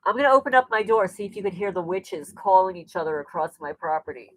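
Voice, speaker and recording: An older woman chats animatedly on a laptop livestream, reading out viewer comments. Her voice sits at a middling pitch, and the sound is dry and close with little room echo. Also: fast talker. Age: 60s. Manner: animated, repeats words, laughs often. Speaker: livestream host. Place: rural home indoors. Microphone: laptop mic.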